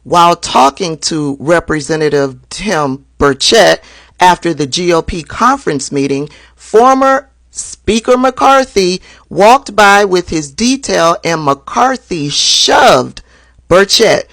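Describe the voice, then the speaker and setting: A woman hosting a political commentary show, reading a news account aloud in a slow, deliberate way. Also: on the low side, lively intonation, fairly bright tone, no echo.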